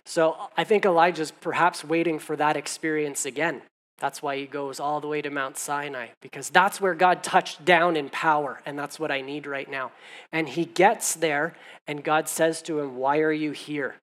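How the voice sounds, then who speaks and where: A man preaching a sermon in a conversational way, growing animated as he reads scripture aloud. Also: a little high, normal speed. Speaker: pastor.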